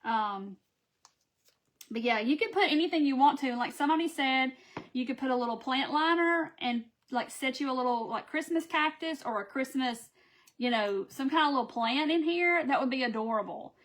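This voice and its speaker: Chatty high-voiced woman. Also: normal speed. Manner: chatty and affectionate, reads viewer names aloud. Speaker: craft seller hosting a live video. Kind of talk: casual live-stream chat.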